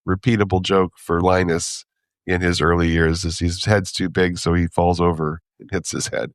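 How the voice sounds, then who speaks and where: A man's voice: deep voice, little pitch movement, normal speed, no room sound, clean studio sound. A man co-hosting a podcast, talking easily, thinking aloud and laughing often. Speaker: podcast co-host. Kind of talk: casual chat about comic strips.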